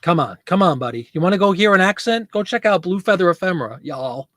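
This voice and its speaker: Chatty higher-voiced man hosting a livestream. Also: expressive, fast talker, a bit bright, dry recording, studio quality. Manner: chatty, rambling, laughs often, reads viewer comments aloud. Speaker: host of a live selling stream. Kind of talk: casual livestream chat with viewers.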